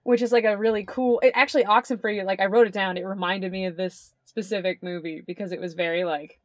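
A woman's voice: medium pitch, fairly even intonation, quick pace, no room sound, dull audio. Chatty young woman podcaster, dry sound. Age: young adult. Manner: chatty, rambling, swears, laughs often. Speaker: podcast co-host. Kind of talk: casual chat.

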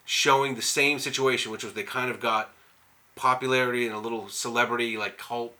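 A man's voice: mid-range voice, fairly even intonation, brisk, pushed and bright. A man casually recapping a movie on a podcast, rambling and swearing, with lots of "like" fillers. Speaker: podcast co-host.

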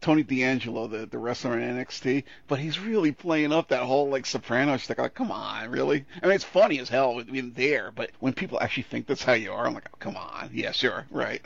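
A man co-hosting a podcast in casual chat, animated and profane, breaking into quick put-on voices as he jokes. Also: mid-range voice, gravelly, dry recording. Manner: animated, profane, puts on voices when joking. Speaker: podcast co-host. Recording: dull lo-fi sound.

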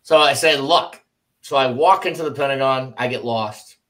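Speaking at a moderate pace, a middle-aged man who once served as an army officer shares his story in a relaxed chat. He animatedly performs quoted dialogue, his otherwise middle-range voice bouncing up in pitch each time.

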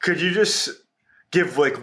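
Slow, bright-voiced male interviewer. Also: fairly high pitch. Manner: halting, drawn-out questions. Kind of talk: asking interview questions.

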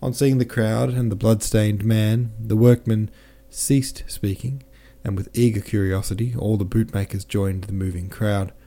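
Guy reading an old novel out loud, very dark mellow voice, lowish, steady pace, fixes his slips as he goes. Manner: measured reading with occasional self-corrections. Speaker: audiobook narrator. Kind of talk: reading a classic novel aloud.

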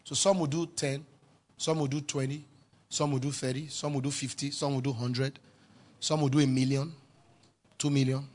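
A man's voice: medium pitch, level tone, normal speed, pauses often, darkish tone. A man preaching a sermon as pastor, emphatic and calling out to the congregation for responses.

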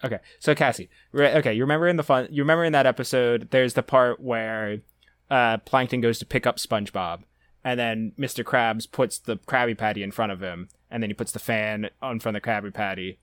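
A man's voice: medium pitch, a little fast, smooth, no room sound, studio quality. Rambling man on a podcast. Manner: rambling storyteller, animated when retelling scenes. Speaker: podcast host. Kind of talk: casual podcast chat.

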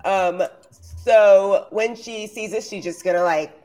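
A woman's voice: medium pitch, takes it slowly, darkish tone. A woman playing in a tabletop game, describing her character's actions in a casual way. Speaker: player. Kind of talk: tabletop role-play.

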